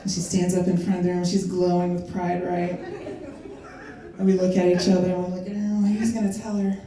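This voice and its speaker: A woman's voice: fairly low pitch, completely flat delivery, brisk, a crowd in the background. An older woman doing a stand-up comedy set, telling stories conversationally with fillers and laughter. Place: live comedy venue. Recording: echoey venue from far off.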